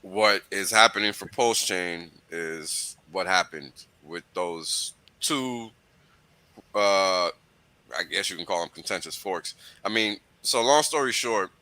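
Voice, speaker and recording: Deep-voiced man explaining crypto casually. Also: bright, forceful tone. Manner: explains with repeated "right?" and "you know". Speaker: host.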